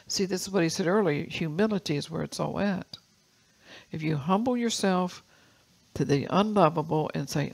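An older woman pastor preaching a sermon, reading scripture slowly and telling personal stories with laughs. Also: deep voice, vocal fry, a little mellow, husky, rough recording.

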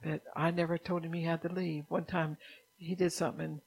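A woman preaching a sermon who keeps asking the listeners if they understand, sometimes dropping into a soft whisper. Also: low-pitched, flat delivery, fairly quick, breathy edge, rough recording. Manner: drops at times into a soft whisper.

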